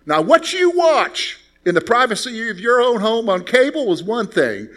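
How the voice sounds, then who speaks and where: A pastor doing a stern old deacon. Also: male voice, very high voice, sing-song, moderate pace, a bit bright, voice pushed up, exaggerated voice. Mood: scolding. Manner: scolding, self-righteous. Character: older male church deacon, stern scolder.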